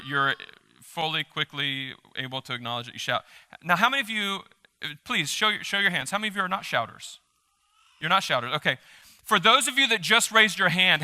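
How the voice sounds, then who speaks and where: A male pastor giving a live sermon in a church, animated and emphatic, joking with the congregation. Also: high voice. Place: church sanctuary during a service.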